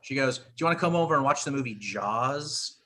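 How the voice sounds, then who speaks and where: Male comedian guest, lively animated delivery, crude self-mocking jokes. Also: medium pitch, fairly quick. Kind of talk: stand-up bits on a live show.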